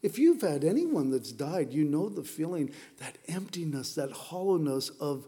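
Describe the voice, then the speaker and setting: A man's voice: fairly high pitch, big pitch swings, moderate pace, few pauses, mellow. A middle-aged man preaching a sermon, telling the story with playful asides to the congregation. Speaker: pastor.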